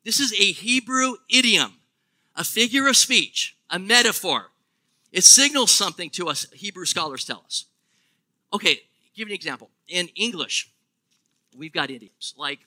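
Bright, high-voiced male preacher. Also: moderate pace. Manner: animated, asks the congregation questions. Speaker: pastor. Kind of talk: sermon.

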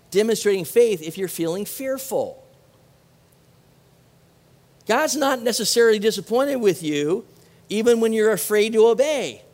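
High-voiced man preaching in a reverberant hall. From Southern California. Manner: animated preaching with rhetorical questions and asides. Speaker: pastor. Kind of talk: sermon.

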